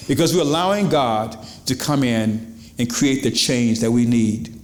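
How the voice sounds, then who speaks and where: A man preaching a sermon as pastor, animated, swinging from low emphatic lines to high exclamations. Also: unhurried, echoey room, faint music behind.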